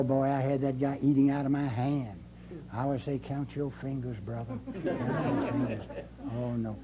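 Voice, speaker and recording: A man's voice: medium pitch, mellow, a little hiss or hum. An older man giving a folksy, emphatic motivational speech to a live audience, repeating his key phrases. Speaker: motivational speaker. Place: speaking to an audience in a room.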